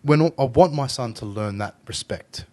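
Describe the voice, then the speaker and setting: An Australian man hosting a podcast, chatting casually and telling animated stories, swearing freely. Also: medium pitch, normal speed. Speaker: podcast host. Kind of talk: casual chat.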